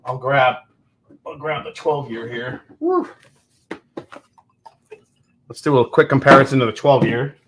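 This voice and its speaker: A man's voice: mid-range voice, unhurried, long pauses, noisy background. Chatty man rambling casually. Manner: rambling, chatty storytelling with frequent restarts and laughs. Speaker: host. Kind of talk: casual chat.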